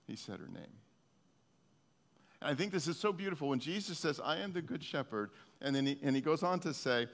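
A man's voice: fairly high pitch, expressive, fairly quick, a bit bright. Earnest male preacher in reverberant hall. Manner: earnest, heartfelt storytelling. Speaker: pastor. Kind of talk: sermon.

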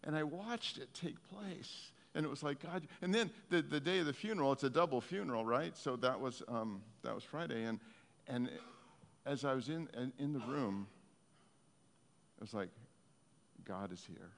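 A man's voice: medium pitch, moderate pace, creaky. A male pastor delivers a sermon with earnest, heartfelt storytelling, his voice sitting in an ordinary middle register. The sound carries a long hall reverb that trails after each phrase.

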